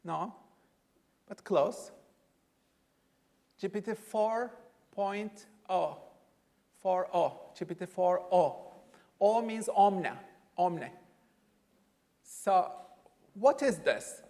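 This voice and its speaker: A man's voice: high-pitched, a little mellow, in a large hall. A man giving a workshop lecture, quizzing his audience and stressing key points. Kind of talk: classroom lecture.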